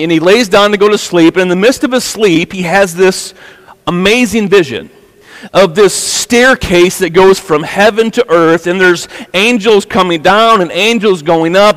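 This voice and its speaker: A man's voice: high-pitched, a bit bright, long reverb tail, low-quality recording. A male pastor preaching a sermon and retelling a Bible story in a casual, chatty way. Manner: casual storytelling, acting out the characters' lines. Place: church sanctuary.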